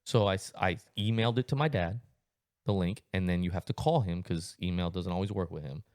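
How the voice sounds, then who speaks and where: A man in his thirties hosting a podcast, telling stories in a casual, animated, swearing style and acting out voices. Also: deep voice, a little fast, no echo, clean studio sound. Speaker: podcast host. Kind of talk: casual chat, storytelling.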